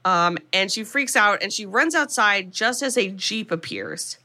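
Bright-voiced woman recapping a film. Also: mid-range voice, lively intonation, unhurried. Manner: chatty storyteller, quotes characters. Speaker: podcast host. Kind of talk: casual movie recap.

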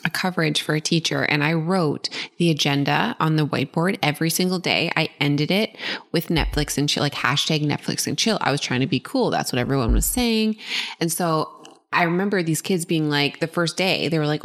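A woman, co-hosting a podcast and telling a story in an animated, casual way, full of "like" and acted-out quotes. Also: low-pitched, brisk. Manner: animated, acts out voices in quotes, fillers of like. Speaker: podcast co-host.

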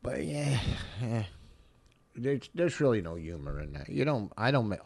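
A man's voice: mid-range voice, very animated, normal speed, a little mellow. A middle-aged man, a stand-up comic, rambling and swearing through casual podcast banter. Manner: rambling, profane, gruff banter. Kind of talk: casual chat.

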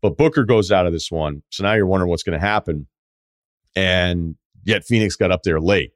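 A man hosting a sports podcast, talking solo in an opinionated, animated way with quick asides and mocking quotes. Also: sits low, no echo, studio quality. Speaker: podcast host. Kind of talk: solo sports talk monologue.

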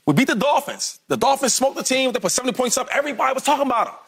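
A man's voice: very high voice, very fast, creaky, a bit bright, slightly rough. A man arguing in a heated sports debate, teasing the other panelists and repeating words as he talks. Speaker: sports debate show panelist, former player.

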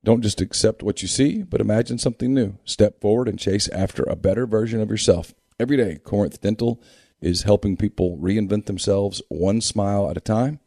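A man co-hosts a sports podcast in a low, mellow voice. He reads ads and sizes up teams steadily, recorded close and dry with no room sound. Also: fairly quick, creaky, no echo. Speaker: sports talk co-host. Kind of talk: reading sponsor ads and casual sports chat.

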